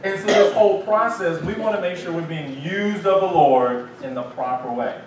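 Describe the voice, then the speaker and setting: Pastor in an echoey church. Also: male voice, high voice, moderate pace. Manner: animated preaching with asides and acted quotes. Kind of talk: Bible study teaching. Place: church sanctuary. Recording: echoey room, distant mic, faint hiss.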